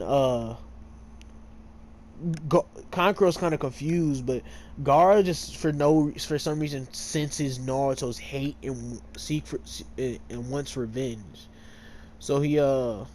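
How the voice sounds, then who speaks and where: A man's voice: mid-range voice, slow pace, a little mellow, slight background noise. A man casually retelling a story while playing a game, full of fillers, often tripping over names and correcting himself. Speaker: gamer retelling a fan story.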